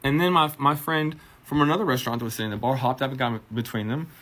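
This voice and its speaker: With a mid-range voice and a fast delivery, a male bartender-manager retells a profane anecdote in story-time fashion. He animates it by performing the quotes himself.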